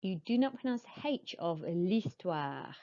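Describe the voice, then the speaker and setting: A woman teaching French to young pupils, modelling each word slowly and clearly and explaining in patient, encouraging teacher talk. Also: lowish voice, sing-song, dark tone, muffled recording. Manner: slow, clear modelling of words for pupils to repeat. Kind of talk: recorded classroom lesson.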